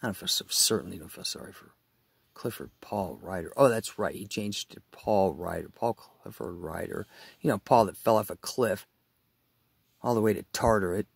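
Gravelly, husky man rambling in a monologue. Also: lowish voice, normal speed, no room sound. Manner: rambling, talks aloud to a late father, loudness swings widely. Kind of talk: rambling emotional vlog monologue.

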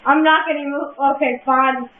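A woman chatting casually while playing a shooter game, excitable and trash-talking with loud yelps. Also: high voice, normal speed. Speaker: gamer. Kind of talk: casual gameplay chat. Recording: tinny lo-fi audio with echo and hiss.

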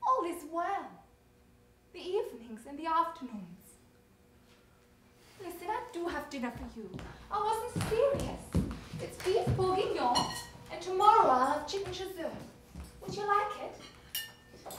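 An actress playing a poised, evasive wife who answers with a soft, soothing, deflecting delivery in a stage play. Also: female voice, extremely high pitch, big pitch swings, unhurried, pauses often, exaggerated voice. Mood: coaxing. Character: evasive, coaxing wife, poised and coolly teasing. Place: theater stage. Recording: very echoey theater, faint noise.

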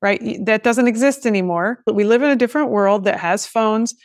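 A woman's voice: fairly high pitch, brisk, no echo, studio quality. A woman hosting a podcast, talking in a chatty way with joking asides. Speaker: podcast host. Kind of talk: casual podcast conversation.

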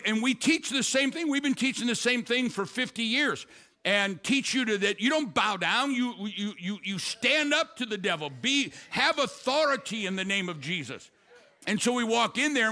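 An older man preaching a sermon as pastor, with quick storytelling asides and sudden loud emphatic bursts. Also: sits high.

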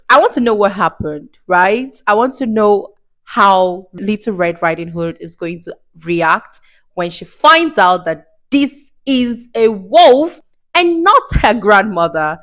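A woman reading a storybook aloud for children, her pitch swooping up and down with lively expression. She takes the story at an unhurried pace, lingering over each phrase. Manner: slow, expressive and warmly animated.

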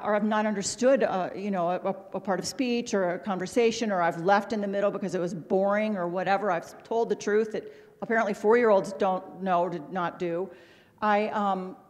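A middle-aged woman from Missouri giving a humorous, candid public talk as a guest speaker, rambling with self-deprecating asides. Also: mid-range voice. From Missouri, USA. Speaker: guest speaker at an autism symposium. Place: large hotel ballroom. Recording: long reverb of a large ballroom.

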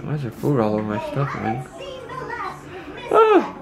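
A man's voice: mid-range voice, steady tone, fast talker, vocal fry, over loud music. An exhausted man chatting casually for his vlog at home, rambling and self-mocking. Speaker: vlogger and dad. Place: indoors at home. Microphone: handheld camera held up high.

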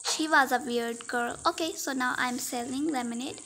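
A woman's voice: high voice, moderate pace, sharp tone, slight background noise. A woman, chattily narrating a toy role-play and talking to viewers as guys. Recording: faint music underneath.

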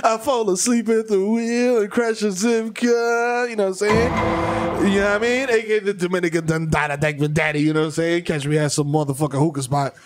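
A man's voice: high voice, fairly even intonation, brisk, soft background music. A man from the Bronx, co-hosting a podcast and riffing brashly through comic bits. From the Bronx, New York. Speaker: podcast co-host. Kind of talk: casual comedic chat.

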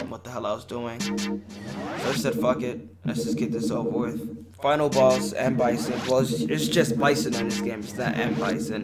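A man giving offhand, wry gameplay commentary as a channel host, swearing freely. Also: medium pitch. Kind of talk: casual gameplay commentary voice-over. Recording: loud noise under the voice.

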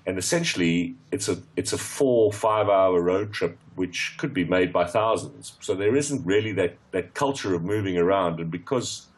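Man, from South Africa, very low voice, football pundit, hesitant restarts. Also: normal speed, few pauses. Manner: hesitant, many restarts and fillers. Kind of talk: radio phone-in discussion.

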